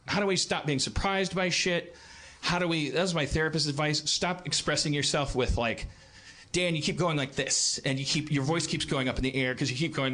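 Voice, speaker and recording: A man in his forties hosting a live comedy podcast, rambling through a monologue with frequent restarts and shrill mocking impressions. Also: bright, forceful tone. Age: 40s. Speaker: podcast host. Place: live venue stage.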